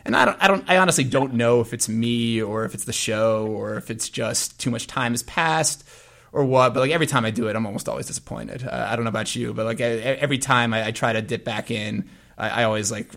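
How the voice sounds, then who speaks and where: A man's voice: mid-range voice, fast talker, gravelly, a bit bright. A man hosting a podcast, chatting casually about music in long, meandering sentences. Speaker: podcast host.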